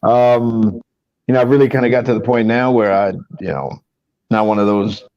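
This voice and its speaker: A man's voice: fairly low pitch, fairly even intonation, normal speed, lo-fi sound. A man telling a personal story in a casual podcast chat. He rambles earnestly, restarts often and keeps saying "man.". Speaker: podcast co-host.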